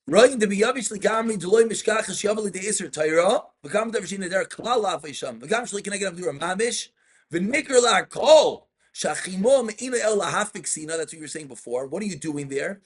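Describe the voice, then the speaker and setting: Rabbi guy with a high voice running a study class, reads texts out and explains, cuts in to slow people down. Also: fairly bright tone, husky. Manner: reads Hebrew texts aloud and explains them, asks students questions. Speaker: rabbi teaching Jewish law.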